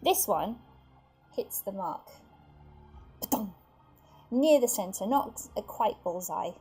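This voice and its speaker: A woman runs a tabletop game, narrating the scene in a lively way with frequent restarts and fillers. Her voice has a husky, breathy texture at an average pitch for a woman. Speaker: game master.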